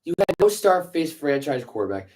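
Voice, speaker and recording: A man's voice: fairly high pitch, sing-song, normal speed, a little mellow, poor audio. Man ranting heatedly on a sports podcast. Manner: heated, profane ranting with sarcastic rhetorical questions. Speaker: podcast co-host. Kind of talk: casual sports podcast rant.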